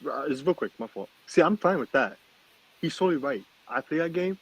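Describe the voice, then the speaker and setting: A man's voice: on the high side, lively intonation, brisk, husky, rough recording. A man co-hosting a podcast, telling stories in emphatic casual chat and checking in with his listeners again and again. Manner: emphatic storyteller, keeps asking "okay?". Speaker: podcast co-host.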